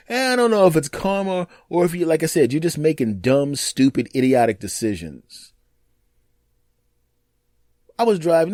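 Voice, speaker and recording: A man hosting his own podcast, telling stories in a casual monologue and acting out other people's lines in quick put-on voices. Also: medium pitch, darkish tone, dry recording, studio quality. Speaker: podcast host.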